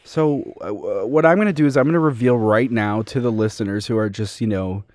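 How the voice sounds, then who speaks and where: A young man co-hosting a podcast, rambling loosely and playfully. His voice sits low and is recorded close and dry. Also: brisk, a little mellow, no echo. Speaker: podcast co-host. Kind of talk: casual chat.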